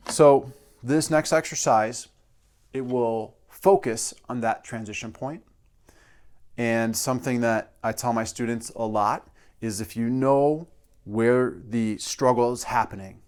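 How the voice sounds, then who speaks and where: A male drum teacher explaining a practice exercise step by step and counting beats aloud. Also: medium pitch. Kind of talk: instructional demonstration.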